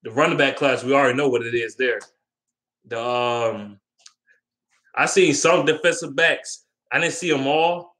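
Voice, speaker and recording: A man's voice: mid-range voice, measured pace, fairly bright tone. A young man talking casually about sports in a rambling, opinionated way, with slang and lots of ums. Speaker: sports vlogger.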